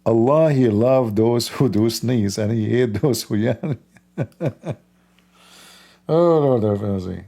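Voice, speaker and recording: A man talks at an unhurried pace in a dark, gravelly voice. His English is simple and non-native, and he teases and chuckles throughout, like a casual host chatting to his viewers. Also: mid-range voice. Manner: slow, laughing, teasing, simple non-native English grammar. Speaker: livestream host. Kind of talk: casual mocking commentary.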